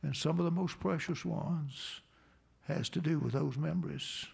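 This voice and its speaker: Older male pastor, slightly high gravelly voice, earnest heartfelt sermon delivery. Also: a little mellow. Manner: earnest storytelling, slow and heartfelt. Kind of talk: sermon with prayer.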